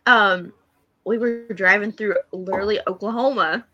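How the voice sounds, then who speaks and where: A woman's voice: mid-range voice, moderate pace, muffled recording, background noise. A woman from Kansas co-hosting a casual fan chat, telling stories with frequent laughter. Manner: giggly, storytelling. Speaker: podcast co-host.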